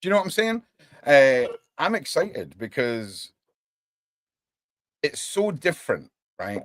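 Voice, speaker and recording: A man's voice: mid-range voice, takes it slowly. Chatty man hosting a livestream. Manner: animated, chatty, says "right?" often. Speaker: podcast host. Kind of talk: casual livestream chat.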